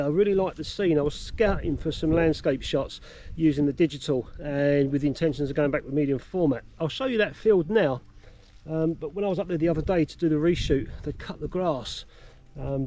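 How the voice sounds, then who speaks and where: A man's voice: a little high, warm tone, slight background noise. A man vlogging casually outdoors in fields about film photography, chatty and self-deprecating, out of breath from cycling. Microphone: action camera.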